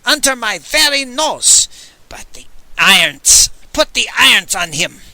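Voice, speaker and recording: A man's voice: high-pitched, animated, a little slow, pushed and bright, no echo, voice pushed up, heavily acted. A man playing a bellowing, blustering alien pontiff. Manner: bellowing, roaring commands. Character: blustering, short-tempered alien high priest.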